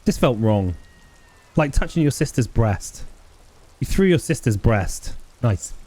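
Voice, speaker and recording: A man's voice: mid-range voice, big pitch swings, a little slow, darkish tone. A man playing a video game, reading its text aloud and adding wry, joking asides. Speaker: let's play gamer.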